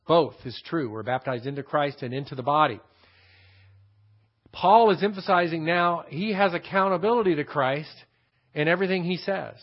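A man teaching a Bible passage verse by verse, stressing key phrases and repeating them slowly for emphasis. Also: fairly high pitch. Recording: dull lo-fi recording.

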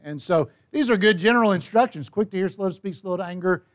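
High-voiced man leading a Bible study. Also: fast. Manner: conversational, reads scripture aloud.

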